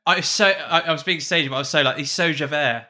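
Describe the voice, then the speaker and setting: A man's voice: on the high side, fairly quick, bright, forceful tone. A man co-hosting a casual book club podcast, playful and giggly, bursting into silly bits. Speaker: podcast co-host.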